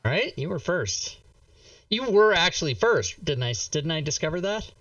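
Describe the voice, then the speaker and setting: A man's voice: fairly high pitch, sing-song, moderate pace, fairly bright tone, dry recording, far from the mic, dull audio. A man hosting a streamed tabletop game, chatting and teasing his friends. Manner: laughing, teasing. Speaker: stream host and player. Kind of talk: casual tabletop game chat.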